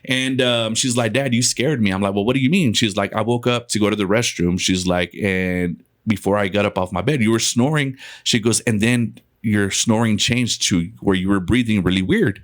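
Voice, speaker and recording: A man with a fairly low voice tells a ghost story as a podcast guest. He keeps it loose and conversational, with casual swearing and laughs slipped between his lines. He is from West Texas. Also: normal speed, few pauses.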